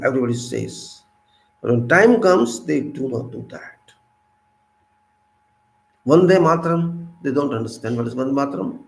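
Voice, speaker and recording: A man in his fifties with an Indian English accent, giving an impassioned monologue full of rhetorical questions, swinging between loud and soft. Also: medium pitch, lively intonation, moderate pace, vocal fry, long pauses, echoey room, poor audio. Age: 50s. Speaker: civic commentator.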